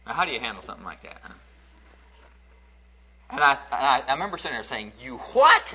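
A man's voice: medium pitch, big pitch swings, fast talker, bright, forceful tone, slight background noise. A man preaching a sermon through folksy, conversational storytelling, acting out the stories he tells. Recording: dull lo-fi recording.

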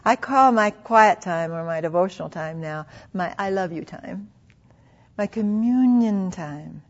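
A middle-aged woman preaching a devotional sermon, earnest and intimate, sometimes dropping to a soft hush. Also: on the low side, lively intonation, unhurried. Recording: slightly dull lo-fi recording.

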